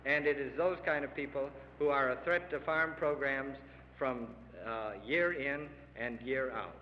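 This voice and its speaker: A man's voice: medium pitch, measured pace, slight background noise. A middle-aged man giving an earnest, emphatic public speech to farmers, pleading with his audience. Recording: lo-fi archival radio recording with long hall reverb.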